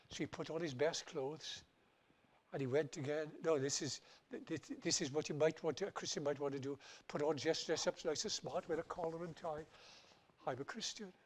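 A man preaching, telling a children's story in an animated, lively way. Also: fairly high pitch. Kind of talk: children's story in a church service.

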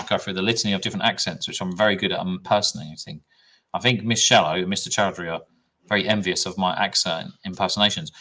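Bright-voiced teacher hosting a quiz. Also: male voice, deep voice. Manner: upbeat, encouraging, quick with praise. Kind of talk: running a classroom history quiz.

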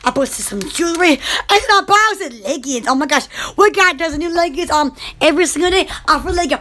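A woman's voice: extremely high pitch, animated, fairly quick, bright, forceful tone, slight background noise. A woman who runs a small shop, chatting casually on a live stream, giggly and silly, blowing kisses and using many fillers. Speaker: small shop owner promoting her products.

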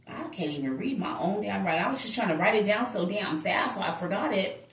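A woman's voice: medium pitch, lively intonation, brisk. Chatty woman reading tarot, distant and echoey. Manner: chatty, emphatic, talks straight to viewers. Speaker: tarot reader. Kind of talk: casual tarot reading to camera. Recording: roomy echo, distant from the mic.

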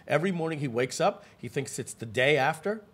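A man presenting a live webinar, telling stories with lively asides to the audience and frequent restarts. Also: fairly high pitch, a little fast, breathy edge.

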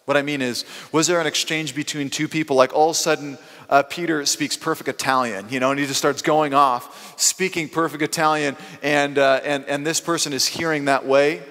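A male pastor preaching a sermon, telling stories with lively swings between loud bursts and quiet asides. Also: on the high side. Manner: animated storytelling with quick swings in loudness. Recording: long hall reverb.

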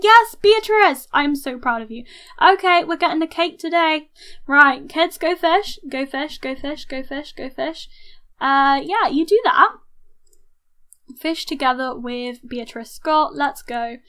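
High, bright-voiced woman gaming. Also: animated, measured pace. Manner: chatty, reacts loudly with gasps and laughs. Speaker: gaming YouTuber. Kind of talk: casual let's-play commentary.

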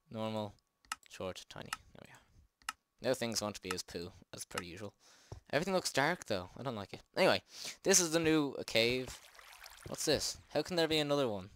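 A man's voice: medium pitch, expressive, normal speed, fairly bright tone, a little hiss or hum. A man hosting a let's play, chatting and joking at himself with jumpy exclamations. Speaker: gaming channel host. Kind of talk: let's play game commentary.

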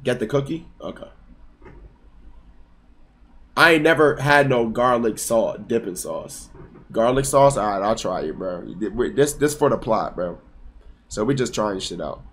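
A man in his twenties livestreaming from home in casual chat, excitable and profane, talking back to his chat and sometimes bursting into yelling. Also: mid-range voice, measured pace, long pauses. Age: 20s. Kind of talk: casual live-stream chat.

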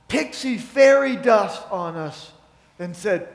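A man's voice: extremely high pitch, animated, slow. A man preaching a sermon as pastor, retelling a story and acting out its quotes. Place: church sanctuary. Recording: echoey church hall.

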